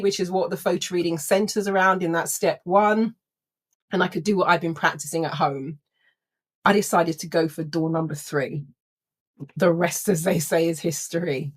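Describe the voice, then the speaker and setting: Woman trainer, animated storyteller, mid-pitched, plays out the voices in her tale. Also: moderate pace. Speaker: personal development trainer. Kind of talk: storytelling anecdote to an audience.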